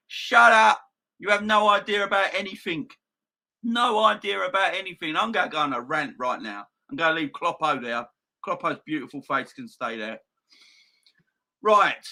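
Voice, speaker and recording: A young man hosting a football fan channel, ranting loudly and excitably with plenty of swearing. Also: high voice, a little slow.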